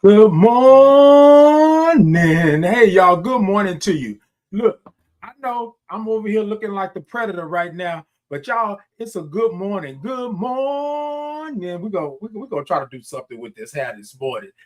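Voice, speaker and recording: A man's voice: high-pitched, lively intonation, brisk. A man hosting a casual morning livestream, greeting viewers by name, calling them y'all, and stretching his greetings into long sung notes. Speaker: livestream host. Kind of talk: upbeat morning livestream chat.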